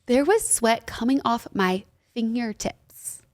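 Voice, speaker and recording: A woman's voice: on the high side, expressive, takes it slowly, dry recording, studio quality. A woman guest chatting casually on a podcast, giggly and full of fillers like "like". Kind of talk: casual chat.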